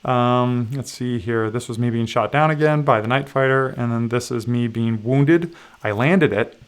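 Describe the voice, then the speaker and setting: A man streaming a solo board game session, walking through its rules in a halting, casual way with frequent fillers and self-deprecating asides. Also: mid-range voice, smooth.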